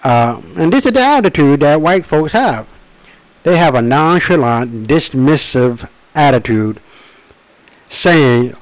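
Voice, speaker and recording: A man presenting his own book in a rambling monologue, emphatic and profane, often slowing to drag out his words, with frequent restarts and asides. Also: a little high, very animated, dry recording, low-quality recording. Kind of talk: rambling direct-to-camera monologue.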